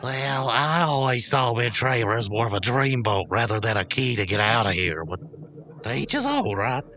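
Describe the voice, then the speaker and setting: A woman's voice: rumbling low, very animated, normal speed, fairly bright tone, slight background noise. A woman co-hosting a podcast, improvising a comedy sketch in a rambling, flustered way. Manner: rambling, flustered comic delivery. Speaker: podcast co-host.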